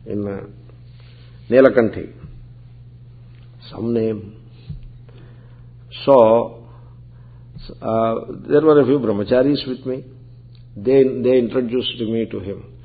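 Gravelly swami on a tinny line. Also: male voice, mid-range voice. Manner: conversational, explanatory, peppered with Sanskrit terms. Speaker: Vedanta teacher, swami. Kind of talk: scripture lecture. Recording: tinny phone-like recording.

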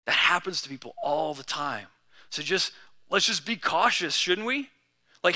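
A man's voice: sits high, brisk, bright, forceful tone. A young man preaching a sermon as pastor, in a casual, conversational way with slang.

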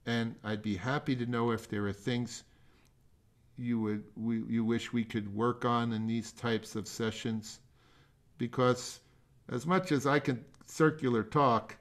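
A man's voice: medium pitch, steady tone. An older man coaches a student in a masterclass, wandering through his points with stops and restarts. He pokes fun at himself along the way. The sound comes through a video call. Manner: rambling, halting, self-deprecating humor. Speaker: music teacher leading a masterclass. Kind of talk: remote masterclass feedback.

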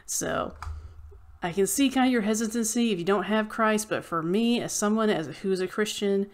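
A woman's voice: mid-range voice, moderate pace. A woman vlogger delivering an impassioned, ranting opinion monologue straight to her viewers.

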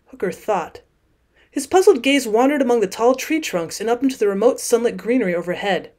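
A woman teacher narrating a classic short story as an audiobook in a steady, clear reading voice. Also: fairly high pitch, fairly quick.

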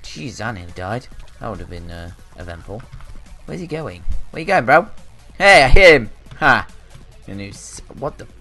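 Excitable young man commentating a game. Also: medium pitch, normal speed, faint music behind. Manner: excitable, swings between loud outbursts and muttering asides. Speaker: gaming channel host. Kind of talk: live gameplay commentary.

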